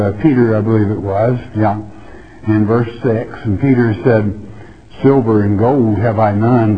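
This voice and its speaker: Male pastor, sermon, slow and drawn out, folksy scripture reading, dull lo-fi recording. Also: medium pitch. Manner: slow, folksy preaching, reading scripture aloud with rising emphasis.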